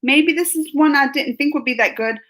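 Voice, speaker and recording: A woman's voice: sits high, a little fast, a bit bright, rough recording. A woman hosting a casual live chat with viewers, rambling and laughing as she answers their comments. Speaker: live-stream host.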